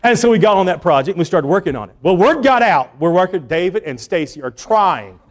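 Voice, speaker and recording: A man's voice: high-pitched, expressive, brisk. A man preaching a sermon, telling a story with emphatic, repeated lines. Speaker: pastor.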